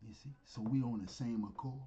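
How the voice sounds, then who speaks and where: A man preaches in a loose, conversational style, circling back to the same phrases. His voice is mellow and a little dark. The sound is slightly dull and lo-fi. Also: mid-range voice, a little fast. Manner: loose, conversational, repetitive, with sudden whispers and rising exclamations. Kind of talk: informal street sermon.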